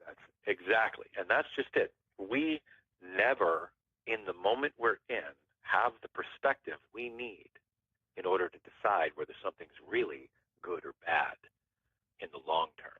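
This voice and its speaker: A man's voice: low voice, animated, normal speed, breathy edge, no room sound. A man telling a story as a podcast guest in a casual, rambling way, often restarting his phrases. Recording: tinny phone-line sound.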